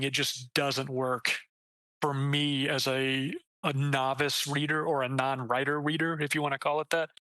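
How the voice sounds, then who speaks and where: A man, a debut author, chatting casually in an interview, animated and acting out quoted lines, swearing casually and restarting sentences. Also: no echo, rough recording. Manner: animated, acts out quoted lines with jumps in pitch.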